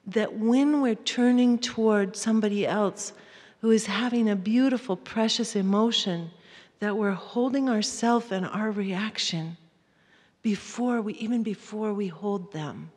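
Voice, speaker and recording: A woman giving a live talk to an audience, gentle and often dropping to a soft near-whisper. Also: mid-range voice, a little slow. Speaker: workshop speaker. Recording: hall reverb.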